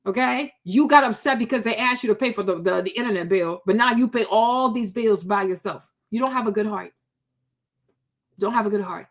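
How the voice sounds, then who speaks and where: A woman with a medium-pitched voice speaks briskly. As a commentary vlogger, she gives blunt, sassy reactions, scolding someone with pointed rhetorical questions.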